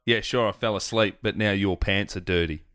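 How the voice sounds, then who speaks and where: A man's voice: lowish voice, fairly even intonation, moderate pace, a bit bright, clear, resonant tone, no echo, studio quality. A man co-hosting a comedy podcast, chiming in with quips and facts in casual banter. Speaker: podcast co-host.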